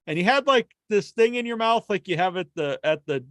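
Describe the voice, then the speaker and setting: A man co-hosting a podcast in casual chat, an animated storyteller who laughs often and acts out sounds. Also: high-pitched, brisk, dry recording, studio quality. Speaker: podcast co-host.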